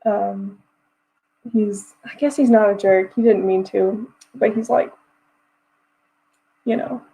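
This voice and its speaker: A woman's voice: mid-range voice, steady tone, slow pace, creaky, warm tone, breathy edge, low-quality recording. A young woman hosting a writing livestream, chatting casually with viewers, giggling often and talking in loose, restarting phrases. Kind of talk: casual livestream chat reading comments.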